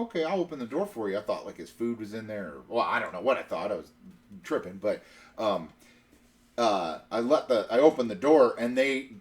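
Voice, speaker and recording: A man in his thirties telling a long personal story in a casual, rambling way, full of fillers and restarts. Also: on the low side. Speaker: podcast host.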